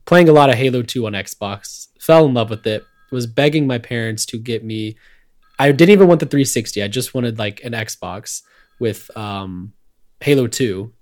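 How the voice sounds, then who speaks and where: A young man co-hosting a podcast, telling a story in a calm, rambling way with lots of fillers. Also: medium pitch, normal speed. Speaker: podcast co-host. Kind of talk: casual podcast chat.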